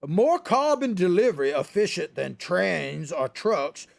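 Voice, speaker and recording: A man putting on a stiff, pompous older male politician with a Boston accent, delivering a slow, halting line as a mocking impression. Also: high voice, big pitch swings, gravelly, heavily acted.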